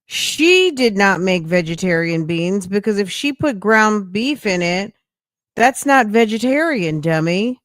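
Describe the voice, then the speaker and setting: A woman's voice: mid-range voice, lively intonation, a little slow, a bit bright, no room sound, studio quality. A woman hosting a stream, reacting to a call with blunt, mocking commentary. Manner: blunt, mocking, talks back at the clip.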